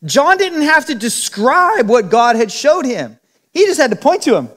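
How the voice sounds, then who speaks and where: A man's voice: very high voice, sing-song, moderate pace, fairly bright tone. A man preaching a verse-by-verse Bible teaching, talking conversationally and acting out the quotes in different voices. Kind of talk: expository Bible teaching sermon. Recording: long hall reverb.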